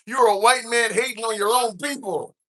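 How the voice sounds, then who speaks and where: A man's voice: very high voice, normal speed, pushed and bright. A man hosting a live-stream debate, repeatedly cutting in to restore order.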